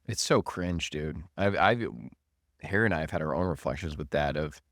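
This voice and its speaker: Deep-voiced laid-back male guest. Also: normal speed, no echo, clean studio sound. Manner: relaxed, agreeing, slangy. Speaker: podcast guest. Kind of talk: casual podcast conversation.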